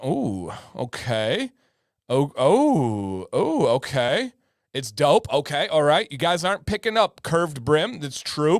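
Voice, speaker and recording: A man's voice: fairly high pitch, no room sound, clean studio sound. Chatty joking man hosting a livestream. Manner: chatty, joking, greets viewers by name. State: slightly sore throat. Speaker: livestream host. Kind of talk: casual livestream chat.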